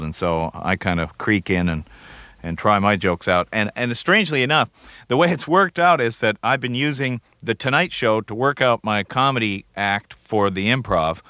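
A man's voice: on the low side, moderate pace, bright, forceful tone, clear, resonant tone, no echo. A comedian from Canada in his forties, giving rambling, wry, self-deprecating interview answers. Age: 40s. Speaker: comedian guest.

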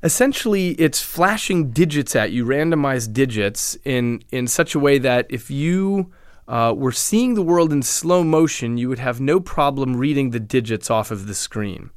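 A man speaks as an interview guest, laying out research step by step in a measured, patient way with small restarts. His voice sits at an ordinary pitch. The sound is dry and close, with no room echo. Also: lively intonation, clear, resonant tone. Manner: explanatory, measured, frequent restarts. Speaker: neuroscientist guest. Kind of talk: interview answers.

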